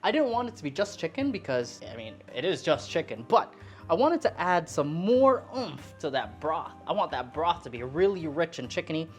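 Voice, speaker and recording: A woman's voice: sing-song, moderate pace, a little mellow, faint music behind. A woman chatting casually as she cooks in her home kitchen, playful and talkative. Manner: playful, chatty, swoops up in pitch for emphasis. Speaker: cooking vlogger. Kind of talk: casual cooking chat.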